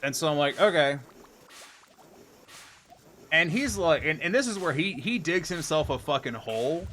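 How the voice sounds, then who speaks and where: A man's voice: on the high side, lively intonation, fairly quick, pushed and bright, a little hiss or hum. A man streaming and telling a story in a casual chat style, ranting with lots of profanity.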